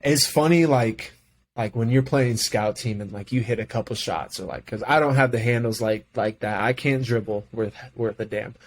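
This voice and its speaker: A man's voice: medium pitch, moderate pace, a little hiss or hum. A man co-hosting a podcast, chatting casually about sports in a loose, rambling way with lots of fillers. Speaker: podcast co-host.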